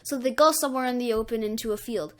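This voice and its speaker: Woman, improvised fan story narration, rambling, filler-heavy, somewhat high voice. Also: fast talker, a bit bright.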